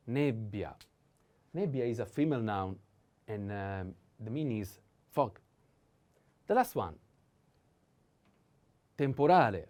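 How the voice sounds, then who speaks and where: A man with an Italian accent, teaching vocabulary at a very unhurried pace. His tone is dark and mellow, and he says each word three times with gentle hesitations in between. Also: mid-range voice. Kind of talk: slow vocabulary lesson.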